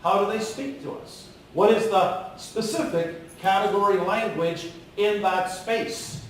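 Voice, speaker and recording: High-voiced guy giving a lively business talk to a crowd, far from the mic, faint room hum. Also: a little slow. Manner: animated, coaxing the audience to shout out. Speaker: keynote speaker. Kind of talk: live motivational business talk. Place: large room before a live audience. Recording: very echoey hall, far from the mic.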